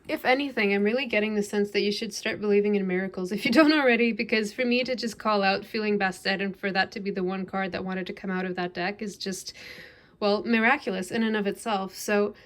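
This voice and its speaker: A woman's voice: medium pitch, steady tone, brisk. Woman, tarot reader, casual and reassuring, talks with many "like"s, slightly out of breath. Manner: chatty, reassuring, with filler "like". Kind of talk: casual spiritual tarot reading.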